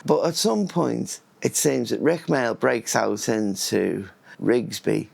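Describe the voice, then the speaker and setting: A man's voice: medium pitch, slow, darkish tone. A man vlogging in a casual, rambling monologue, often losing his thread and restarting words. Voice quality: gravelly and husky.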